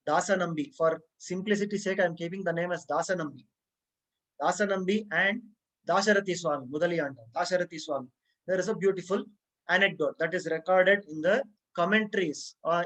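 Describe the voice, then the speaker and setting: A man giving a religious discourse as a story, unhurried, with frequent restarts and rhetorical questions to young listeners. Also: high voice, a bit bright, rough recording. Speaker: religious teacher.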